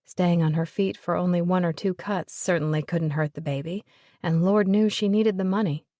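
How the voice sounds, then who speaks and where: A woman narrating a romance audiobook in an even, measured way. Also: fairly low pitch, no echo, studio quality. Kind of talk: scripted narration of a romance novel.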